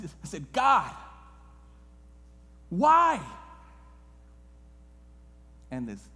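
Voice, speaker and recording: A man preaching a sermon as a guest pastor in a church, moving between hushed and loud, impassioned delivery. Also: mid-range voice, a little hiss or hum. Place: church sanctuary. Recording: long reverb of a church hall.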